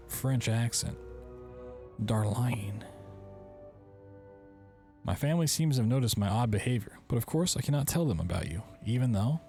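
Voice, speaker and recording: A man's voice: medium pitch, a little mellow. A man hosting a game playthrough, reading in-game letters aloud and breaking off with wry, joking asides. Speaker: gaming video host.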